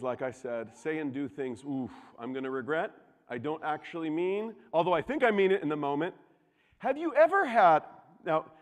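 A young adult man preaching a sermon, telling stories with animated swings from loud outbursts to hushed asides, in a church. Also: a little high. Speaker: pastor. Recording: long hall reverb.

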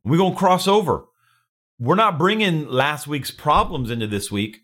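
Man preaching a daily devotional, worked up, hammering lines twice, kinda high voice. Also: expressive, moderate pace, a bit bright. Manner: fervent, exhorting, repeats phrases for emphasis. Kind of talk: energetic daily devotional sermon.

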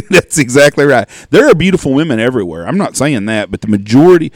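A man's voice: medium pitch, big pitch swings, fairly quick, no echo, clean studio sound. A man co-hosting a hunting podcast, telling blunt, profane stories in casual chat. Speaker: podcast co-host.

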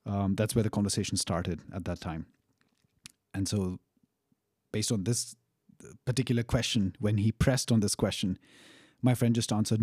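A man's voice: lowish voice, steady tone, moderate pace, pauses often, darkish tone, breathy edge, no room sound, clean studio sound. A man casually recounting a personal story, rambling and profane, with frequent fillers and chuckles.

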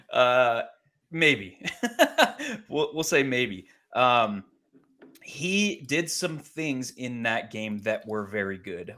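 A man co-hosting a fantasy football podcast, talking in a measured, analytical way with many pauses and ums. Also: fairly low pitch, fairly bright tone. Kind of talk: casual sports analysis chat.

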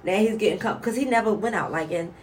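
A woman in her forties chatting casually, telling stories with lively acted-out quotes. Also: medium pitch, quick pace, slight background noise. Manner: animated storyteller, acts out quotes. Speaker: show co-host. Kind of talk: casual chat.

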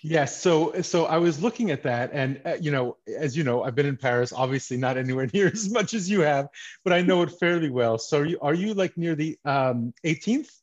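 A man's voice: fairly high pitch, a little fast, dull audio. Chatty Montreal-raised male podcast host. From Montreal, Quebec. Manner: chatty, joking, animated storytelling. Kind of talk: casual interview chat.

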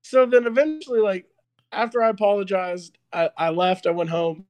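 High-voiced young man telling a story. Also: moderate pace. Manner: animated, laughing, heavy filler words. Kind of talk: casual storytelling chat.

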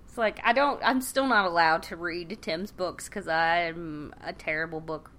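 A woman's voice: on the low side, a little slow, a bit bright. A woman co-hosting a casual podcast, chatting and laughing as she recaps a sitcom episode and acts out the characters' lines. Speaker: podcast co-host.

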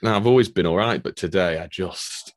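A hungover man in casual chat, with a very low, deep voice. He mumbles slowly and trades short replies, and his voice sounds dry and close with almost no room around it. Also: dry recording.

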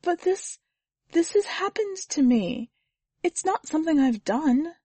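A woman's voice: sits high, lively intonation, measured pace, warm tone, no room sound, pitched above the performer's own voice. A woman reader voicing a distraught young woman who pleads tearfully on a phone call with her dead mother. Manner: tearful, pleading, tripping over words.

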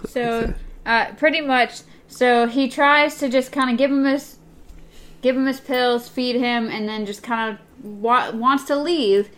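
A woman's voice: a little high, steady tone, a little slow, a bit bright. Chatty woman retelling a story. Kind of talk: casual book discussion.

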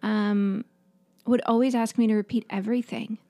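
A woman from New York in her late twenties, talking quickly and teasing as she tells stories in a casual chat. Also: on the high side, fairly even intonation, dark tone. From New York, USA.

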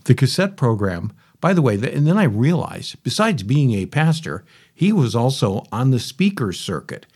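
A middle-aged man with a slightly husky voice, telling a personal story as a podcast host and repeating key phrases. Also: medium pitch, big pitch swings, normal speed, a little mellow.

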